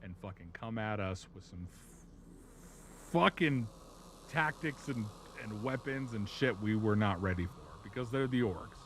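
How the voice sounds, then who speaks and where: A man talks casually on a live stream, rambling through a story with plenty of swearing. His voice sits fairly low, and the delivery is loose and animated. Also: measured pace, a little hiss or hum.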